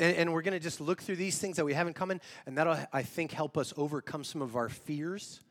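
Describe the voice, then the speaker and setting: A man with a fairly high voice preaches to his church. His manner is relaxed, plain-spoken and self-deprecating, as if chatting with friends from the pulpit. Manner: informal, self-deprecating, talks straight to the congregation. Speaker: pastor. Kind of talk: conversational sermon.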